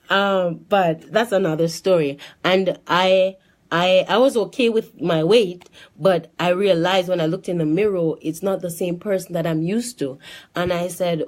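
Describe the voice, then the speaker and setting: Speaking on the low side, a woman recounts her testimony in an animated storytelling style. She keeps restarting her sentences and voices what others told her.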